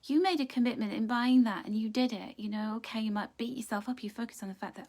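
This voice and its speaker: Middle-aged female card reader, soft-spoken and encouraging, slightly higher pitch. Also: fast talker, hardly any pauses. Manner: gentle, encouraging, chatty, greets viewers by name. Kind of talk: live pick-a-card reading.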